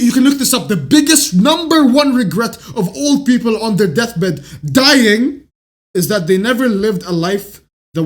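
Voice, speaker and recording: This high-voiced Canadian host of a self-improvement channel speaks his mind bluntly and profanely. His opinionated monologue climbs into shouts whenever he gets worked up.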